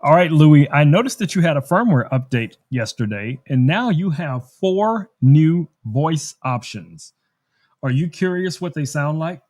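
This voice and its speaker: A man hosts a casual live-stream tech demo from his studio. He is chatty and thinks aloud as he works through the settings. His voice sits a little high. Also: animated, measured pace, a little mellow. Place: home studio.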